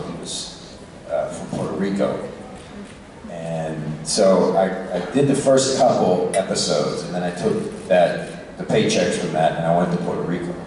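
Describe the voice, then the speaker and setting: A tired man chatting casually as a convention panel guest, relaxed and quick to laugh. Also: deep voice, slight background noise. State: tired, short on sleep. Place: large convention hall. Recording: echoey hall recorded from far off.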